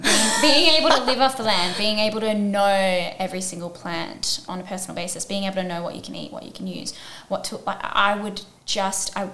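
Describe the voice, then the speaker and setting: A woman's voice: mid-range voice, a little fast, hardly any pauses, sharp tone. A young woman, a podcast guest, talking casually with lots of laughs and "like"s. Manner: bubbly, laughs often, many fillers. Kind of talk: casual chat. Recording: roomy echo, faint background noise.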